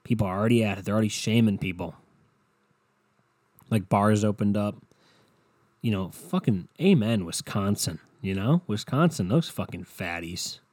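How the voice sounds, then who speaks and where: A man's voice: on the low side, moderate pace, a little mellow, dry recording. A man co-hosting a podcast, telling a rambling, self-mocking story in casual talk, swearing constantly. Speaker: podcast co-host. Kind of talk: casual profane storytelling rant.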